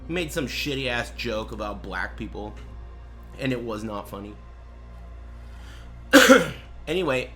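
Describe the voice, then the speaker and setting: Man, streamer, crude rambling banter, unhurried delivery. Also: medium pitch, bright, forceful tone. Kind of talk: casual livestream chat.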